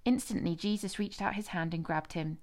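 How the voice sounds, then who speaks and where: A woman narrating a scripture passage in a measured, expressive reading. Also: lowish voice. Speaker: scripture reader.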